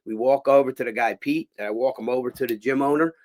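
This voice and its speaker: A man's voice: mid-range voice, fast talker. A middle-aged man, a boxing promoter, telling behind-the-scenes stories in a casual podcast chat and acting out the dialogue. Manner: animated anecdote teller, acts out quoted dialogue.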